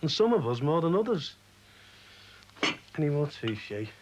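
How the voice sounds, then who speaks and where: An actor playing a factory worker who speaks in a teasing, patronizing way. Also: male voice, a little high, sing-song, normal speed, lo-fi sound, heavy background noise. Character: shop-floor worker man, wry and skeptical. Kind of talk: TV drama acting.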